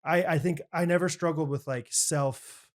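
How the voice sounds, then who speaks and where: A man's voice: a little high, normal speed. A young man co-hosting a podcast, telling a story in an earnest, rambling way with lots of filler words. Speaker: podcast co-host. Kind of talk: casual chat.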